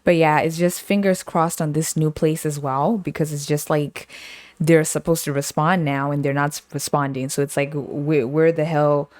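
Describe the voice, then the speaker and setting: A young woman from Canada hosting a podcast, telling her week's story in a casual, animated way and acting out the people in it. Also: low voice, moderate pace, no echo. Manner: animated storytelling with laughs and acted-out quotes. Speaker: podcast host. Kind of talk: casual chat.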